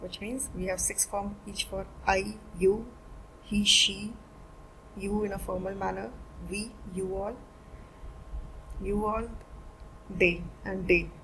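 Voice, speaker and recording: A woman's voice: medium pitch, steady tone, slow pace, long pauses, fairly bright tone, slight background noise, poor audio. A woman teaching a beginner Spanish lesson, explaining each point step by step and repeating every word form twice.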